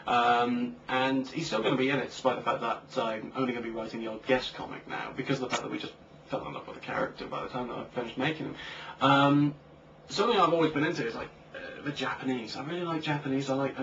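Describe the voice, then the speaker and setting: A man's voice: mid-range voice, fast, gravelly, a bit bright. Rambling young man, distant lo-fi mic. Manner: rambling, joking, many fillers. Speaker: co-host, comic creator. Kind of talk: casual chat. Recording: distant lo-fi mic with faint hiss.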